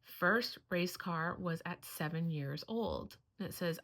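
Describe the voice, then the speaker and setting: A woman's voice: lowish voice, takes it slowly, hardly any pauses, fairly bright tone. A middle-aged woman, a homeschooling mother, talking in a heartfelt, earnest way in a casual vlog, close to tears at times.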